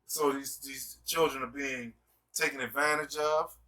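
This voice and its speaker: Emphatic man with a very bright voice, distant mic. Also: medium pitch, fairly even intonation, a little slow. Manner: emphatic, repeats "you see what I'm saying". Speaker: host. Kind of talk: casual discussion, preacher-like.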